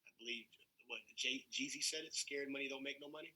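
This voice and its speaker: A man coaching a group on a call in a casual, animated way, stumbling over and repeating his words as he pushes ahead. His voice is very bright and edgy but carries a husky, rough grain. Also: mid-range voice, fairly quick, low-quality recording. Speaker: host and coach.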